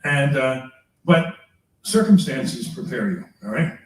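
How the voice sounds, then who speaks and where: This older man, a priest, has a mid-range voice with big pitch swings as he lectures a room of teachers, mixing in personal anecdotes. He's chatty, chuckles frequently, and ends points with quick questions such as "all right?" The room echoes and the microphone is far away.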